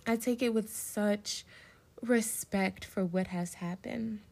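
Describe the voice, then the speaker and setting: Young woman, podcast host, gravelly fry in her voice, mid-pitched, heartfelt and encouraging, slightly emotional. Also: takes it slowly, darkish tone. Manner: heartfelt, encouraging, speaks directly to the listener. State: getting emotional. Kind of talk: personal solo podcast talk. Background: plane passing.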